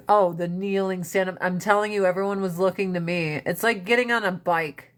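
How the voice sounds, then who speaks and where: A woman on a phone livestream telling a story in a casual, animated way, swearing freely and laughing often. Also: lowish voice. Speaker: livestream host.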